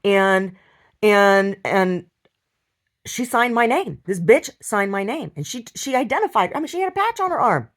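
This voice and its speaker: A woman telling a personal story in a video diary, upset, rambling and halting with many restarts and repeated words. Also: mid-range voice, animated. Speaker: video diarist.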